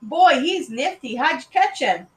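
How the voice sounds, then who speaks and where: An eager, boastful young boy who talks over everyone, as a woman reads him. His voice bounces with lively pitch in an echoey room. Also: unhurried. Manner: eager and loud.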